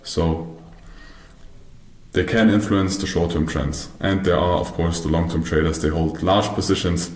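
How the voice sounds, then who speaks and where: A man's voice: deep voice, steady tone, a little slow, reverberant. A man teaching a recorded trading course over slides, methodical and prone to restarting his words. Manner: methodical, restarts and corrects himself. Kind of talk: explaining slides in a recorded lesson.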